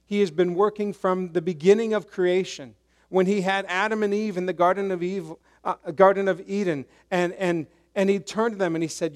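A man preaching a sermon, swinging between loud emphasis and hushed, quiet lows. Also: steady tone, moderate pace. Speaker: pastor.

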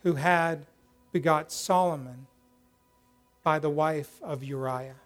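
Animated high-voiced male preacher. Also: takes it slowly, faint music behind. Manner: animated storyteller, acts out quoted voices loudly, drops to soft prayerful tone. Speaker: pastor. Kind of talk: sermon with storytelling.

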